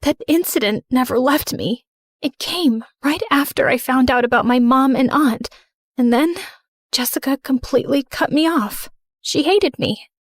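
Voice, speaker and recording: A woman narrating in first person as a remorseful, misunderstood teenage girl, earnest and soft. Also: high-pitched, moderate pace, no echo, clean studio sound. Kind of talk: scripted story narration.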